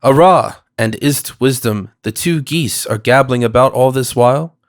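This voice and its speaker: A man voicing a rough Irish man who heckles from his berth, with an Irish accent, speaking gruffly and mockingly. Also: medium pitch, normal speed, no room sound, clean studio sound, natural voice. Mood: scolding.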